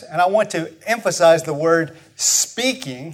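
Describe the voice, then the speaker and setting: High-voiced man preaching, slow and conversational. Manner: conversational, questioning the congregation, animated. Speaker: pastor. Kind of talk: sermon.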